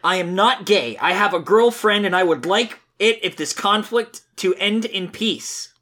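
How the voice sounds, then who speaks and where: A podcast host voicing a preachy young male cartoon hedgehog hero in a comic dramatic reading, speaking slowly and overly sincerely. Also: mid-range voice, fairly bright tone, pitched above the performer's own voice. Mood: earnest preachy. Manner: slow, raised and overly sincere.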